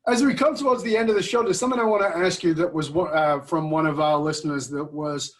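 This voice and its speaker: A man's voice: fairly high pitch, steady tone, fast talker. A man hosting a podcast interview, telling stories animatedly and acting out the dialogue. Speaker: podcast host. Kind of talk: conversational interview.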